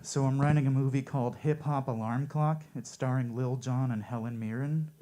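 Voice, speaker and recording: A man performing stand-up one-liners at a coffee shop open mic, with a deadpan, offhand delivery. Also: medium pitch, moderate pace, a little hiss or hum.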